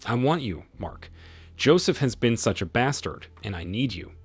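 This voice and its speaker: A man's voice: medium pitch, sing-song, normal speed, slightly rough, dry recording, voice pushed up. A man voicing a distraught, slightly drunk wife who mumbles and pleads in a quivering voice, over faint music. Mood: pleading.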